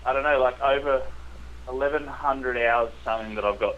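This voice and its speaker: A man's voice: medium pitch, fairly even intonation, brisk, slight background noise. Australian male poker guest, casual and hesitant, dull lo-fi recording. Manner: chatty, hesitant, filler-heavy. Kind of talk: casual chat.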